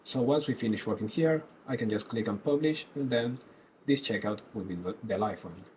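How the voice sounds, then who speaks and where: Man calmly explaining a coding walkthrough. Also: on the low side, a little fast, slight background noise, rough recording. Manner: calm, step-by-step explaining. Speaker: tutorial presenter. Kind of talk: screen-recorded coding tutorial.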